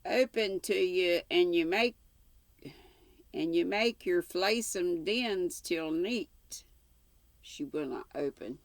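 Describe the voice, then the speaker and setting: Grumpy old male farm servant, put on by a woman reader, gravelly, slow, stumbling over dialect. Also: on the low side, dry recording. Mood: grumbling. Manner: halting, stumbling through dialect.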